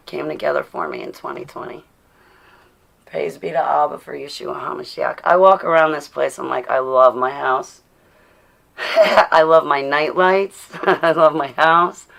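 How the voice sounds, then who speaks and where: A woman with a low, gravelly voice hosts a casual livestream from home. She chats warmly and directly with viewers, calling them by name and laughing as she goes. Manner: chatty, addresses viewers by name, laughs often. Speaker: livestream host. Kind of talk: casual live chat to viewers. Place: indoors at home.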